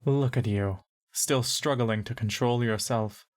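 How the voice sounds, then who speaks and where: A woman's voice: very deep voice, unhurried, a little mellow. A woman voicing a cruel man who speaks in a falsely sweet, cooing way.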